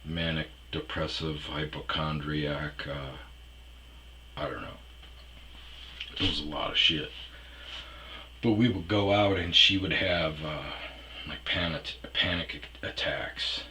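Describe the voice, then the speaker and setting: A man's voice: a bass voice, steady tone, takes it slowly, pauses often, sharp tone, a little hiss or hum, low-quality recording. A man telling a rambling personal story in a casual, profane way, trailing off with fillers. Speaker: storyteller host.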